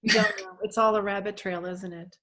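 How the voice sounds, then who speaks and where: A woman's voice: medium pitch, steady tone, brisk, pushed and bright. Encouraging woman leading a team meeting. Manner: encouraging, repeats key phrases. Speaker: team leader hosting a meeting. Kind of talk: casual meeting chat.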